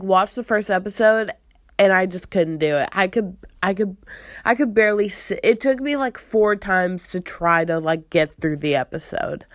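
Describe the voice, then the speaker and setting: A young woman hosting a casual podcast chat, sounding congested from a cold, with drawn-out, sarcastic, exasperated delivery. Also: on the low side, no room sound, studio quality. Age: young adult. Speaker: podcast host.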